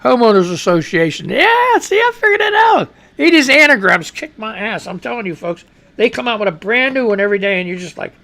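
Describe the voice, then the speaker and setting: Cowok host radio aksen amrik, suara serak agak tinggi, ngomel ngalor-ngidul, nada naik turun. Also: male voice, high voice, animated, fast, pushed and bright. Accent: American. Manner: rambling, profane, exclaiming and laughing. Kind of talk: casual live news commentary.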